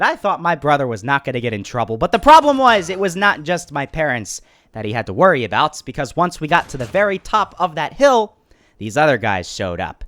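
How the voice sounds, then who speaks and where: Excitable man telling a storytime vlog. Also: a little high, moderate pace, background noise. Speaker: YouTuber.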